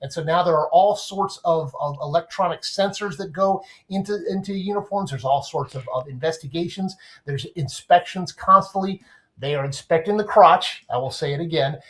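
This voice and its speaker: A man with a fairly high pitch and a moderate pace appears as a guest sports writer in a casual podcast discussion. He explains things in an animated fashion, using everyday comparisons.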